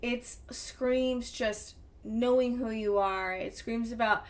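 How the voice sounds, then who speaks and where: A woman's voice: a little high, fairly even intonation, slow. A woman giving a casual tarot reading to camera, effusive and encouraging, rambling and restarting her sentences. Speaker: tarot reader.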